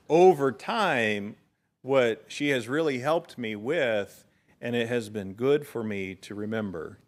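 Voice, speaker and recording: Earnest middle-aged preacher giving a sermon. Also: male voice, on the low side. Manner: earnest storytelling preacher, rising in emphasis. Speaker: pastor. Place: church sanctuary.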